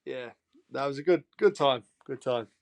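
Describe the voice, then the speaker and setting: A young man from England with a Geordie accent, a podcast guest telling stories in casual chat, animated and swearing freely as he acts out quotes. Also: medium pitch, normal speed, vocal fry.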